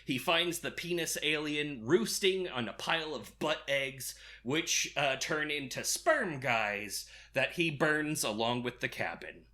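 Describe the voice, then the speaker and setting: A man co-hosting a podcast, giving a sarcastic, deadpan recap of a movie plot with lots of filler. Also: on the high side, a little slow, few pauses. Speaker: podcast co-host.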